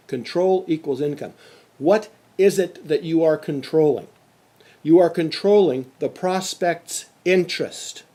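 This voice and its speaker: A man's voice: fairly high pitch, mellow. A middle-aged man giving a motivational sales lecture, emphatic and repeating his key phrases. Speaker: sales trainer.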